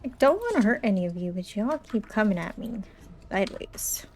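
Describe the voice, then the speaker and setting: A woman's voice: mid-range voice, sing-song, a little fast, faint music behind. A young adult woman casually commenting on her gameplay, playful and jokey, acting dramatically scared. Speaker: gaming streamer.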